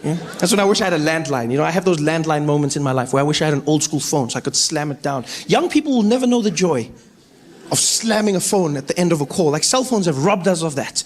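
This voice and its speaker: Animated South African comedian, high voice. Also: male voice, fast talker. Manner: animated storytelling, acts out characters with big voice jumps. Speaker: stand-up comedian. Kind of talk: stand-up comedy set. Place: stage before a live audience.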